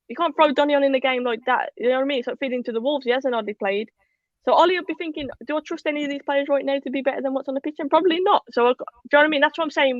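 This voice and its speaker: A woman co-hosting a casual live football talk show, chatty and animated, reading out viewer comments. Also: sits high, no room sound, lo-fi sound. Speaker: podcast co-host.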